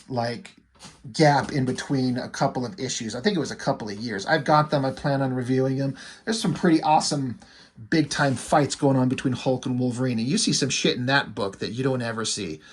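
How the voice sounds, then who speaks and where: A man casually reviewing a comic book, reading out its dialogue and giving blunt, profane asides. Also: mid-range voice.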